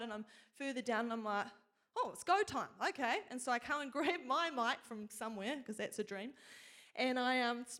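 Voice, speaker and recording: A woman with a slightly high voice gives an informal sermon, recounting a dream in a loose, conversational way. She talks with plenty of fillers and restarts, as if chatting with the congregation. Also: fairly bright tone. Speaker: speaker at a church gathering. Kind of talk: sermon storytelling.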